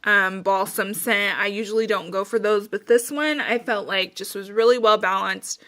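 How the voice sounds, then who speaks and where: Rambling through her candle and wax melt reviews with plenty of filler words, this woman sounds a bit winded in a casual chat. She speaks at a moderate pace in a mid-range, slightly bright voice.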